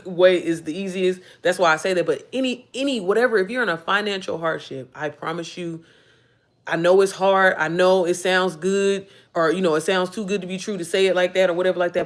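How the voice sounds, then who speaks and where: A woman in her thirties hosting a casual livestream, talking animatedly with lots of swearing and reading out viewer comments. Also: medium pitch. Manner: animated, profane, calls viewers "baby" and "y'all"; reads and answers viewer comments. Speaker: livestream host. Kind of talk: casual motivational livestream chat.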